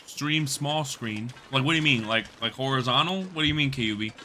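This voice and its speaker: A man's voice: medium pitch, very fast, sharp tone, a little hiss or hum. Profane man chatting on a game stream. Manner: loose, profane, laughing banter with chat. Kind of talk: casual gaming livestream chat.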